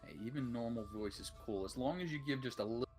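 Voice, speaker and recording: A man running a tabletop game, chatting casually and haltingly over a computer voice call. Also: mid-range voice, over music. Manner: halting, self-deprecating, restarts often. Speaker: game master. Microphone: computer mic on voice call.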